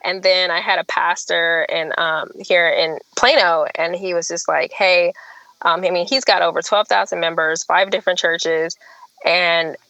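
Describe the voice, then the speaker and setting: A woman speaking in a somewhat low register with earnest candor as she recounts her life story. She talks in a chatty way, often laughing and slipping into lively quoted voices. The sound is close and dry, with no room around it. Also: normal speed, vocal fry, dry recording, muffled recording. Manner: earnest, chatty, laughs often, animated when quoting others. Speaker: author and podcast guest. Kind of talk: candid storytelling interview.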